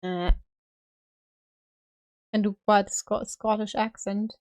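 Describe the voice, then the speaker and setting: A woman's voice: mid-range voice, little pitch movement, slow pace, darkish tone. A woman live-streaming as she paints a figure, talking in a loose, rambling way full of fillers and casual swearing.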